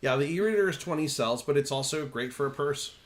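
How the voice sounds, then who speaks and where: A man in his thirties hosting a casual livestream, chatting and reading viewer comments in a talkative, self-interrupting way with quick laughs. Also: on the high side. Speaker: livestream host.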